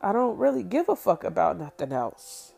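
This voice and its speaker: Woman with a gravelly, creaky voice, blunt and candid, recounting her past over faint music. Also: medium pitch, sing-song, normal speed, mellow. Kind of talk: personal storytelling.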